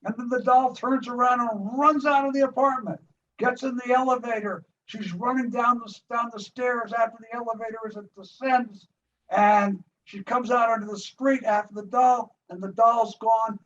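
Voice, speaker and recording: An older man from the United States with a fairly high voice tells a story about making a film in animated detail. He keeps restarting and repeating words as he goes. He sounds distant and muffled, with faint hiss in the background. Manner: retells scenes vividly, with many quick restarts and repeated words. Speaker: filmmaker being interviewed.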